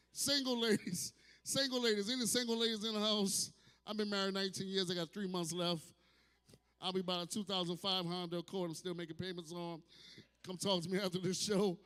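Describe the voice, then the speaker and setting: This brash, profane stand-up from New Orleans, USA, a man in his fifties with a high voice, plays a distillery bar to a live audience. He is loud throughout, with sudden shouts and acted asides, all carried by the club room's hall reverb.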